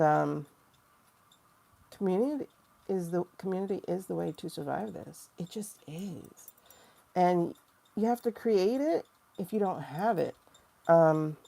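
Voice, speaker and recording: A woman in her forties rambles through a casual livestream as a tarot reader, answering chat as she goes. Her voice sits low and carries a gravelly fry, and her talk is loose, personal and emotional. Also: mellow. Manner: chatty, rambling and emotional, reacting to chat comments.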